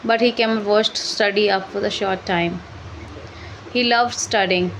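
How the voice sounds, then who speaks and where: A woman reading a story aloud for shadowing practice, halting and correcting herself as she goes. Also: mid-range voice, steady tone, a bit bright, a little hiss or hum, rough recording. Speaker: English learning channel host.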